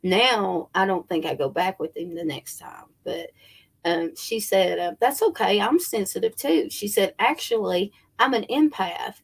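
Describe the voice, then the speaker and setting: Slow-talking gravelly woman. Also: fairly low pitch. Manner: rambling, many fillers and restarts, addresses viewers as y'all. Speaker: spiritual livestream host. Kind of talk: casual chat to viewers.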